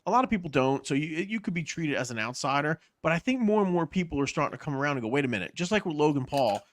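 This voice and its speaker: A man's voice: on the high side, a bit bright. A man co-hosting a casual podcast, rambling candidly and swearing casually. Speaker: podcast co-host. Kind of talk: casual chat.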